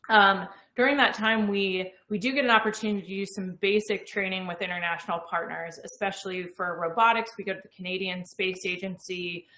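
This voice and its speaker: A woman's voice: medium pitch, steady tone, a little fast, hardly any pauses, bright, forceful tone, roomy sound, poor audio. A woman in her thirties, an astronaut guest, explaining her training with enthusiasm in a conversational interview.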